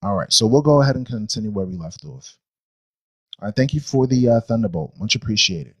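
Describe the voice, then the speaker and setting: A man teaching a Bible study class. He reads scripture slowly and deliberately, repeats phrases and checks that listeners are following. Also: lowish voice, animated, rough recording.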